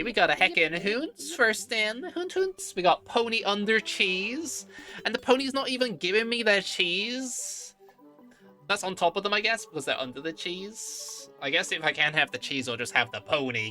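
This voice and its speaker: Streamer, bright and punchy, goofy and bubbly. Faint music underneath. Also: mid-range voice, animated, normal speed. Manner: bubbly, goofy exclamations, greeting chat. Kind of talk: live stream chat.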